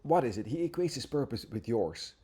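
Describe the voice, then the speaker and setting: A man giving an earnest, informal spiritual talk, reading passages aloud and pausing to reflect, often checking in with "right?". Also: medium pitch, sing-song, warm tone, slightly rough. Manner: earnest, repeatedly asks "right?". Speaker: spiritual teacher.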